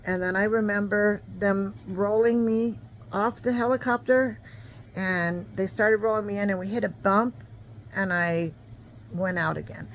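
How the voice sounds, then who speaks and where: A woman's voice: medium pitch, fairly even intonation, a little slow, a little hiss or hum, rough recording. A woman in her fifties telling a personal story in a rambling, conversational way, full of fillers and restarts. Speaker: vlogger.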